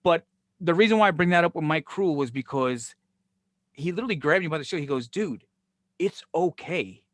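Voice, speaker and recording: A man hosting a podcast, telling wrestling stories in casual chat, animated and profane, acting out the dialogue. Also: fairly high pitch, fast talker, dry recording. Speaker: podcast host, former wrestling booker.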